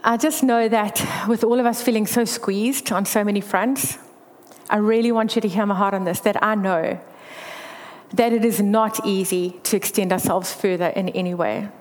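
A woman's voice: medium pitch, steady tone, moderate pace. A woman giving a candid faith testimony, telling her story earnestly. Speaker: speaker sharing a faith testimony. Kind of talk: personal testimony talk. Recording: long hall reverb.

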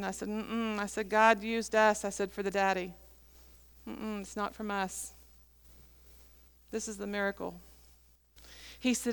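A woman's voice: mid-range voice, flat delivery, a little slow, long pauses, smooth. Woman pastor telling a sermon story. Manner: storytelling, acting out quoted dialogue.

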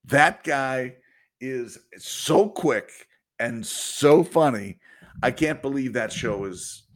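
A man's voice: mid-range voice, takes it slowly. Easygoing man chatting on a podcast. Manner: easygoing, chuckling, joking. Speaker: podcast co-host. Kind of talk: casual chat.

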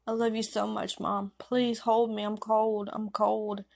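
A woman's voice: medium pitch, little pitch movement, unhurried, gravelly. Woman playing a faint dying girl. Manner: soft, faint, pleading. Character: dying teenage girl, cold and fading.

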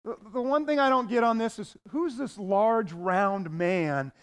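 A man doing a confused mother who coaxes answers from her child with halting questions. The voice sits very high and is unhurried. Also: clear, resonant tone, long reverb tail. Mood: coaxing. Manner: hesitant, coaxing questions. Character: puzzled, gentle mother asking her daughter.

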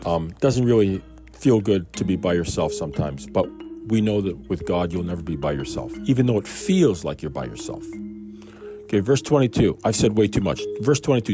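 A man's voice: fairly low pitch, lively intonation, a little fast, music in the background. A man giving a casual, rambling devotional talk on a Bible passage, speaking conversationally and asking many rhetorical questions. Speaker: Bible reading host.

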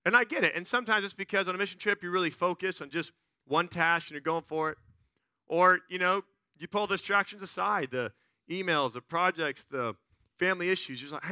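A man preaching a sermon in an animated way, swinging from loud excited bursts to quiet earnest stretches and playfully acting out the people he quotes. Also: high-pitched, fairly quick, no room sound, studio quality. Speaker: pastor.

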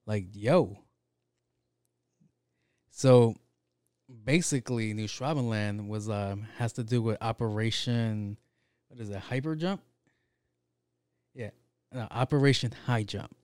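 A man's voice: fairly low pitch, slow pace, pauses often, darkish tone, smooth, dry recording, studio quality. A man talking in a loose, rambling monologue, swearing often and leaning on fillers. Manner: profane, rambling, with frequent fillers.

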